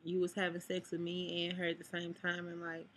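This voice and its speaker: Sad young woman venting, bright voice. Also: lowish voice, completely flat delivery, brisk, a little hiss or hum. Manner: rambling, cusses, addresses viewers. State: sad, upset. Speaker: vlogger. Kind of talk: emotional venting vlog.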